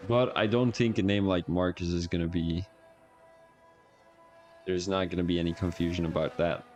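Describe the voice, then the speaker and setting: A man's voice: low-pitched, a little mellow. A man with a Belgian accent giving rambling, joking, self-mocking commentary on a live-streamed sim racing league.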